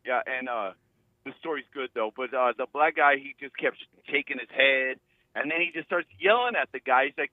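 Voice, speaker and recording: A man's voice: medium pitch, brisk, no echo. A man from California calling in to a show, telling a story in a rambling way and acting out the quotes. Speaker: caller. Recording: tinny phone line.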